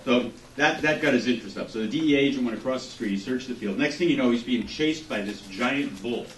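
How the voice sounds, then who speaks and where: A middle-aged man tells relaxed, funny stories to a room at a fundraiser. His voice sits at an ordinary pitch and echoes around the hall. He is picked up from a distance, with lots of crowd noise behind him. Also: quick pace. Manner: relaxed, joking storyteller. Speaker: political candidate speaking at a fundraiser. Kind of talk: speech with humorous anecdotes.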